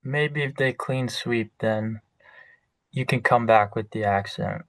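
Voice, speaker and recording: A man's voice: medium pitch, slow pace, fairly bright tone, no room sound, poor audio. A young man co-hosting a podcast, chatting casually with brief, teasing replies. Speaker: podcast co-host.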